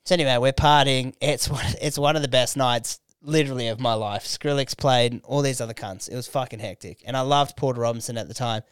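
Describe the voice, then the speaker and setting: A man's voice: medium pitch, fairly quick, few pauses, smooth, dry recording. An Australian man hosting a podcast, telling a long, rambling story in casual chat, swearing freely and acting out everyone's voices. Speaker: podcast host.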